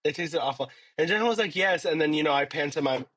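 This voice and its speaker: A man co-hosting a podcast, slightly hoarse, telling rambling stories in casual chat with lots of fillers. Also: a little high, lively intonation, quick pace, fairly bright tone, slight background noise. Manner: laid-back, rambling storytelling with many fillers. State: a little hoarse. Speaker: podcast co-host.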